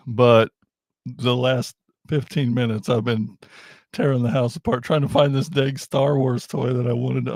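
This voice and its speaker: A man's voice: medium pitch, no room sound, studio quality. A middle-aged man hosting a casual toy unboxing livestream, rambling and joking at his own expense. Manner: rambling, self-deprecating, jokey. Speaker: toy podcast host.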